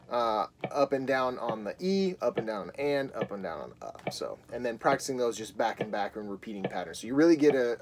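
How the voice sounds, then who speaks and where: A man teaching a guitar lesson on video, explaining in a relaxed way and often pausing with fillers. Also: mid-range voice, slight background noise.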